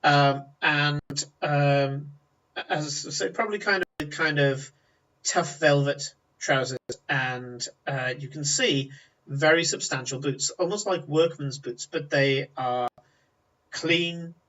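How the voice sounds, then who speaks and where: A man's voice: on the high side, slow, fairly bright tone. A man narrating as game master, describing scenes at length with many ums and uhs. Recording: distant lo-fi mic.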